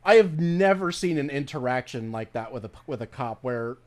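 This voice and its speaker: A man with a mid-range voice streams a game at a moderate pace, sounding animated. His casual commentary rambles, full of profanity, and he often restarts his sentences.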